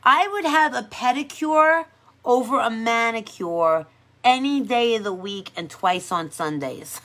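A woman's voice: on the high side, lively intonation, measured pace, fairly bright tone. A woman who works as a pedicure technician, chatting casually on a livestream in a sassy, playful way and laughing often.

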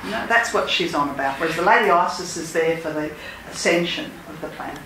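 A woman's voice: fairly low pitch, lively intonation, brisk. A woman, a spiritual healer and teacher, talking earnestly and leading call-and-response mantra chants. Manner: earnest, emphatic, leads chants. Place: lodge meeting room. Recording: echoey room, speaker far from mic, noisy.

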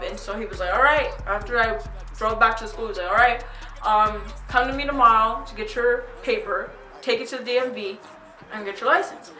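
A teenage girl telling a story to her vlog audience in a chatty, animated way. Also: medium pitch. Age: teens. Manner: chatty, animated retelling with quoted voices. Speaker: vlogger. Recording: echoey room, mic at a distance, faint music.

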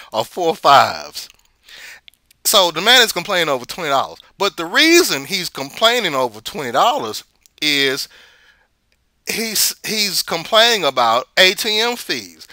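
Man, very bright and sharp tone, casual commentary host, rambling, stumbles and repeats words, dry close mic. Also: high-pitched, very animated, moderate pace, no room sound. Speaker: host of a money commentary show.

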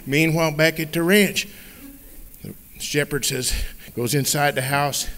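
A man telling a children's Bible story at church in an expressive, playful manner. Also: on the high side, measured pace. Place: church sanctuary.

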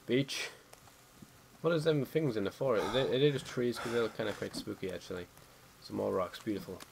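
A man giving casual gameplay commentary as he plays. He gets excited and spooked easily and swears freely. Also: fairly low pitch, brisk, vocal fry, a little hiss or hum. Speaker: let's play gamer.

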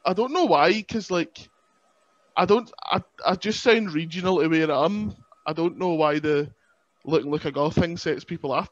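Higher-voiced man, laughing and chatty. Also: no room sound, muffled recording. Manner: chatty, laughing, self-deprecating. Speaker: podcast guest. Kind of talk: casual podcast chat. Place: remote podcast call.

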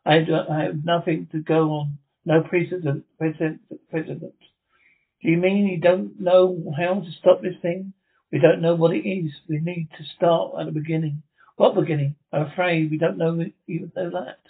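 A man's voice: on the high side, steady tone, normal speed, vocal fry. A man reading the part of a worried, baffled doctor, with a flustered, stumbling delivery. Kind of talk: amateur script reading. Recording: tinny phone-like sound.

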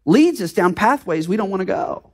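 A man's voice: sits high, expressive, normal speed, slightly rough. An American man delivers a sermon as a pastor, talking to his congregation more than lecturing at them. His tone is earnest and conversational. He keeps drawing listeners in with rhetorical questions. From United States.

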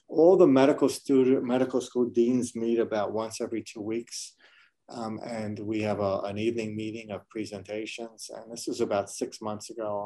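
A middle-aged man from New York City speaks as a medical school dean in a webinar interview. His voice is warm and mellow, and his manner is earnest and reflective, with frequent restarts. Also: on the low side.

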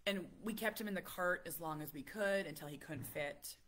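A woman in her thirties, a parent vlogger telling a story in casual, animated chat, full of fillers and acted-out quotes. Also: lowish voice, moderate pace, a little hiss or hum. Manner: animated, chatty, many fillers, acts out quotes.

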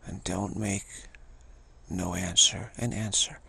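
Older male spiritual teacher, husky and raspy, low-pitched, halting delivery full of restarts. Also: fairly even intonation, sharp tone. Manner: halting, with many restarts and pauses. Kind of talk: meditative teaching talk.

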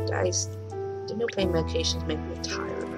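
A woman's voice: fairly low pitch, poor audio. A woman giving casual, chatty commentary while playing a game at home, swearing lightly and talking to the animals. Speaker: let's play host. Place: home room.

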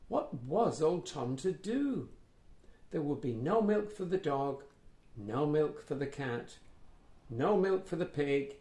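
A man reading a children's picture book aloud in a playful, animated way, with gasps and asides to the listener. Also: on the high side, gravelly. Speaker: children's storyteller. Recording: echoey room.

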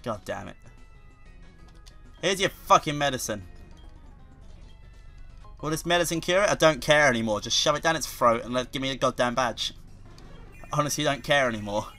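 Excitable man commentating a video game. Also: medium pitch, moderate pace, long pauses, faint music behind. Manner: excitable, swears often, sudden loud outbursts. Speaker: let's play commentator.

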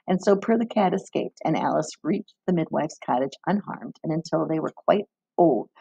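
Gravelly-voiced woman reading a story aloud. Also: sits low, warm tone, no echo, poor audio. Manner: measured storybook narration with acted voices. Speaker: reader.

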